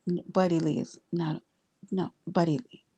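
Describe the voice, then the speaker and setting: A woman's voice: fairly low pitch, little pitch movement, normal speed, mellow, slightly rough. A woman hosting a casual livestream, talking bluntly to her viewers with exasperation and free cursing. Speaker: livestream host reading chat.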